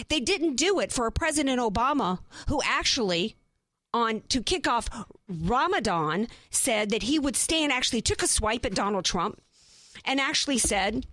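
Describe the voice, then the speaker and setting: Woman, radio host; emphatic, fired-up monologue, brighter pitch, dry studio sound. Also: no echo. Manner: impassioned, emphatic, rhetorical questions. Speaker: radio talk show host. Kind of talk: opinionated talk radio monologue.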